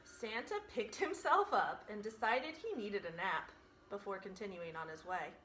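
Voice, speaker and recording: A woman teacher reading a picture book aloud with expressive, animated storytelling. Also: medium pitch, normal speed, roomy sound, soft background music, low-quality recording.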